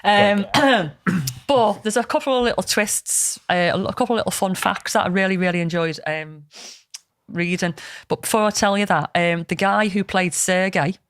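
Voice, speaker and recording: A woman's voice: mid-range voice, normal speed, dry recording, studio quality. A woman, chatting casually as a podcast host and retelling a film plot with plenty of swearing. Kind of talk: casual storytelling chat. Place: podcast studio.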